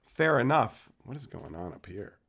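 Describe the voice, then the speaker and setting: A man's voice: mid-range voice, very animated, normal speed, gravelly, fairly bright tone. A young adult man streaming and reading chat aloud in casual talk, ranting with exasperated disbelief and frequent swearing.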